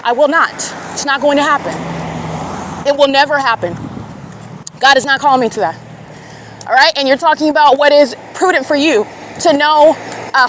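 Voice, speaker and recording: A woman podcaster delivering a scornful, accusatory monologue outdoors in an urban square. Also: high-pitched. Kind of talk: confrontational monologue. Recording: clear traffic noise outdoors.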